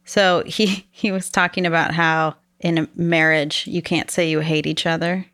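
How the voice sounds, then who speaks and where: A young woman co-hosting a podcast in casual chat, blunt and laughing often, animated when retelling stories. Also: low-pitched, moderate pace, no echo, studio quality. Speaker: podcast co-host.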